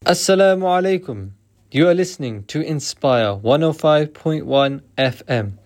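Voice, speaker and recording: A man's voice: fairly high pitch, expressive, moderate pace, a little mellow. A man reading a station announcement as radio announcer, plain and formal.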